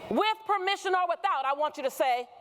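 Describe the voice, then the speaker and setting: High-voiced woman preaching to a crowd. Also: expressive, a little fast, very noisy. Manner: call-and-response with the audience, shouting at peaks. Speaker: motivational speaker. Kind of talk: motivational keynote speech. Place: conference hall with a live audience.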